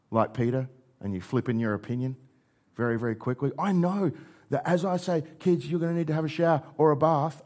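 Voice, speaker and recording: Animated male preacher, higher voice. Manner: animated, acts out dialogue with shifting pitch and volume. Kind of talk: sermon.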